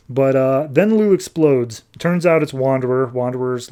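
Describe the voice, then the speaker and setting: A man's voice: medium pitch, moderate pace, hardly any pauses. A man on a podcast casually recapping a comic book and acting out the characters' lines as he goes. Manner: animated retelling, acting out characters' lines in passing. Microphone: podcast microphone.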